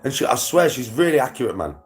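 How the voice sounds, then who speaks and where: A man's voice: medium pitch, very animated, fast talker, faint music behind. A young British man chatting casually to his viewers, full of slang and swearing, laughing often. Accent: British English. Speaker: vlogger. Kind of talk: casual chat to a livestream.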